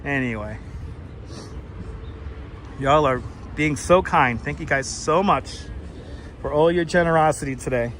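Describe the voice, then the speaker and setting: Male street live-streamer, high voice, loose and profane, clip-on mic outdoors. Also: measured pace, pauses often, fairly bright tone, slight background noise. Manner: loose, chatty, swears, laughs often. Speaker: live-stream host and tour guide. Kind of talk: casual live-stream chat. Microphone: wireless clip-on mic.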